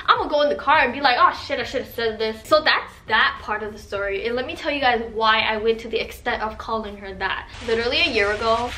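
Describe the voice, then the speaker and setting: A young woman vlogger telling stories to camera in a sassy, animated way, swearing freely. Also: high-pitched, slight background noise. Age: young adult. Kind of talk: casual storytelling to camera.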